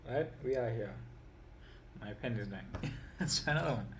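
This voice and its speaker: A man with an animated, mid-range voice teaches as an empowerment coach at normal speed, with slight background noise. His style is informal and rambling; he repeats himself, keeps checking in with "right?" and "you see," and chuckles now and then while drawing with a pen.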